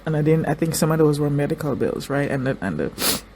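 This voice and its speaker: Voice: mid-range voice, expressive, fairly quick, background noise. Tearful, stammering reaction vlogger. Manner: emotional, stammering and restarting sentences. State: crying. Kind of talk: casual reaction commentary.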